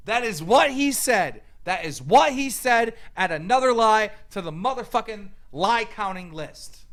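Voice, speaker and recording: An online commentator angrily rants in a reaction video, answering back to a clip with mocking, profane, shouted rebuttals. His high-pitched voice is animated, at a moderate pace with hardly any pauses.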